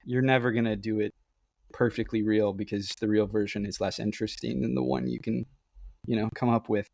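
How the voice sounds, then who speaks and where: A man's voice: lowish voice, fairly even intonation, a little fast, gravelly, darkish tone. A man co-hosting a podcast in a casual book discussion, enthusiastic and laughing often. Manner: enthusiastic, laughs often, reads quotes aloud. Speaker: podcast co-host.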